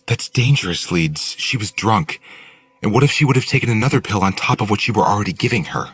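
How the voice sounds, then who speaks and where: A man's voice: lowish voice, animated, quick pace, a bit bright, slightly rough, faint music behind, voice pushed up. A man reading an audiobook and voicing a blunt, curious woman who possesses another's body, lifting his voice to play her. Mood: stern.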